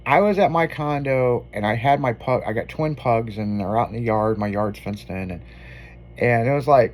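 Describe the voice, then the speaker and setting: A man's voice: mid-range voice, lively intonation, moderate pace. A man hosting a radio show, telling a long story in casual, profanity-laden on-air banter.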